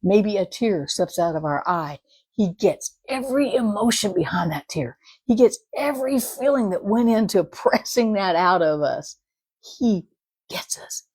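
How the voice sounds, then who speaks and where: A woman's voice: fairly low pitch, no room sound. A middle-aged woman giving a casual devotional talk in a conversational way, often adding "right?" and acting out prayers in a quoted voice. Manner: warm conversational, with frequent "right?" asides and dramatic quoted prayers. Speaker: devotional speaker.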